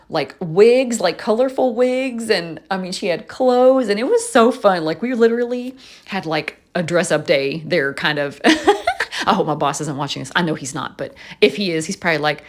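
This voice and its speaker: A woman chatting casually in a voice-over, telling stories and laughing often. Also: fairly low pitch. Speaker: planner vlogger.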